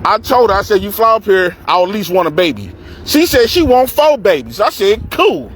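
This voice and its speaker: A man casually telling a profane, animated story and acting out the people he quotes. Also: sits high, moderate pace. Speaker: podcast host telling a story.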